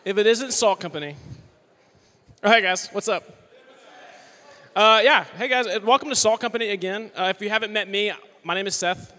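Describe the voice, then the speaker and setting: Here the young worship leader, in his twenties, speaks at a moderate pace with frequent pauses, his high voice bright and forceful. His sermon to college students stays casual, joking and upbeat, sprinkled with "like" and "you know." It's captured in a large worship hall before a live audience, with a long hall reverb.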